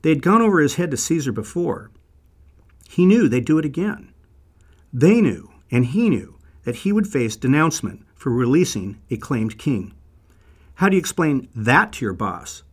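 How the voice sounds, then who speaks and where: A man's voice: a little high, big pitch swings, moderate pace. A man teaching a Bible lesson as vivid, conversational storytelling.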